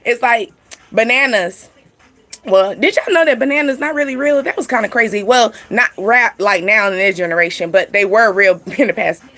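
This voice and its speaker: Young woman, tarot reader, loose chatty delivery, voice sitting a touch high. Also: normal speed, fairly bright tone. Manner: rambling, chatty, heavy use of "like" and "you know". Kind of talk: casual spiritual reading to camera.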